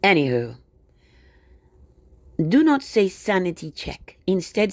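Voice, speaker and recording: A woman's voice: on the low side, big pitch swings, slow pace, long pauses, dry recording. A woman delivering a casual, indignant monologue straight to her viewers, full of sarcastic asides. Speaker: video blogger.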